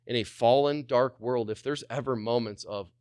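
A man's voice: medium pitch, moderate pace, clean tone, dry recording, clean studio sound. A male pastor preaching a sermon with energy, repeating phrases and voicing the people he quotes. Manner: energetic, repetitive, voices the speakers he quotes.

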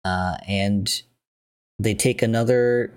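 Low-voiced man casually recapping a film. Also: fairly even intonation, slow, clear, resonant tone, no echo, studio quality. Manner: rambling, filler-heavy, chatty.

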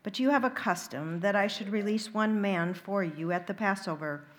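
A woman's voice: medium pitch, normal speed, natural voice. A woman reading the part of a questioning male Roman governor in a liturgical Gospel reading, with pointed questions and raised emphasis.

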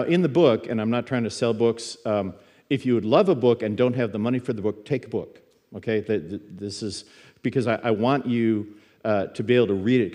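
A man's voice: lowish voice, a little mellow. A middle-aged man teaching in a church service in a conversational, storytelling way, often stammering and restarting his words.

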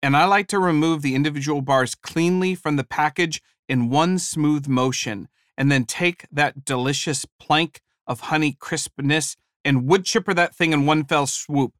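A man preaching a sermon, telling a story from his teaching days with animated, humorous delivery. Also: a little high, normal speed, hardly any pauses, dry recording, studio quality. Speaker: preacher and former high school teacher.

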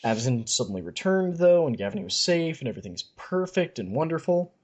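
A man's voice: on the high side, big pitch swings, a little fast, darkish tone. A man hosting a podcast, casually retelling fantasy stories in a chatty way and reading passages aloud. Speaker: podcast host. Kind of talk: casual story recap.

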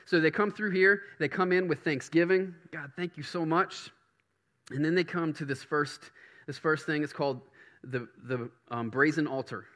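Middle-aged male preacher, bright and slightly high voice, casual then fiery sermon delivery. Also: normal speed. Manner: conversational, builds to emphatic preaching. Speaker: pastor. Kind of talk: sermon teaching on prayer.

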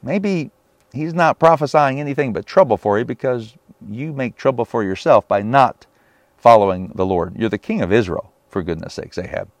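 A man's voice: medium pitch, a little fast, no room sound. A man preaching a sermon on a Bible passage, emphatic and often asking his listeners rhetorical questions.

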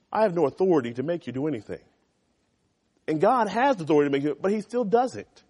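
A youth pastor preaches to teenagers in a church classroom. His voice sits a little high for a man, and he talks in an animated, chatty way. He keeps swinging from loud emphasis to quiet asides. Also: quick pace, husky. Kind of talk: youth group sermon.

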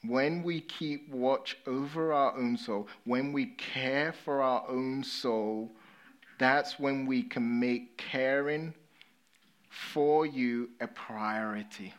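An English-accented man preaching a sermon at an unhurried pace, his voice sitting in an ordinary middle pitch. He moves between lively storytelling and quiet, sobering emphasis. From England. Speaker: pastor.

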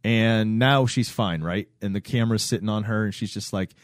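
A man's voice: lowish voice, brisk, few pauses, no echo, clean studio sound. A man casually recapping a TV series on a podcast, acting out the characters' lines as he tells it. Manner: animated storytelling, acts out quotes. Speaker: podcast co-host. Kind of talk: casual chat recapping a show.

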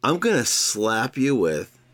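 A man's voice: medium pitch, sing-song, takes it slowly, fairly bright tone. Playful rambling podcast host, a man. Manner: rambling, playful, talks to listeners as "humans". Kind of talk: casual solo podcast monologue.

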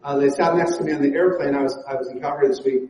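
A man's voice: fairly high pitch, steady tone, very fast, a little mellow, a little hiss or hum. A man preaching a conversational sermon as pastor, with frequent fillers and restarts. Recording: echoey church hall.

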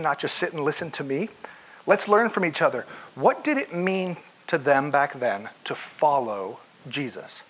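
A man's voice: on the high side, a bit bright, breathy edge. A male pastor preaching a conversational sermon to his congregation, asking them questions along the way.

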